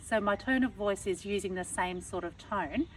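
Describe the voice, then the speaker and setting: A woman's voice: mid-range voice, moderate pace. A woman dog trainer patiently explaining obedience commands outdoors, acting out the tones she uses. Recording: somewhat distant mic, faint background noise.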